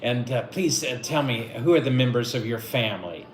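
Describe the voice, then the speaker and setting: A man's voice: medium pitch, moderate pace, a crowd in the background. A man running a mock visa interview and coaching the applicant, encouraging and often repeating himself. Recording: echoey room with faint noise.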